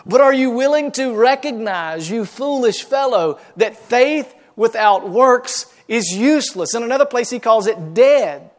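A man preaching a sermon in an animated, folksy way, acting out the voices he quotes. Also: very high voice, unhurried, hardly any pauses. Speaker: pastor.

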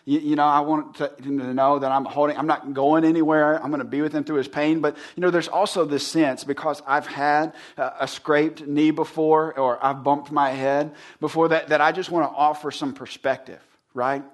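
A man in his thirties preaching a sermon, telling a personal story in an earnest, casual way, dropping low and soft when he quotes words of comfort. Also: little pitch movement, moderate pace. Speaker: pastor.

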